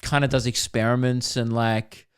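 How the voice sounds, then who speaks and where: A man's voice: medium pitch, level tone, smooth. A man in his twenties co-hosting a podcast, telling rambling stories in casual chat and acting out what people said. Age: 20s. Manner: rambling storyteller, quick to act out quotes. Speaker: podcast co-host.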